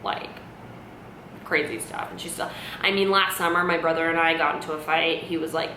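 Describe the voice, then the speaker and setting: A young woman vlogs a personal story in a candid, rambling way, peppering it with "like" and "you know." Her voice has a bright, forceful edge. The room is echoey, with a faint low rumble underneath. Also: fairly even intonation, moderate pace. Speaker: vlogger. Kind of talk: storytime vlog.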